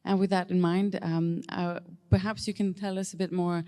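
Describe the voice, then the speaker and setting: A woman's voice: on the low side, level tone, moderate pace, warm tone. A woman moderating a conference panel, introducing speakers politely with some hesitations.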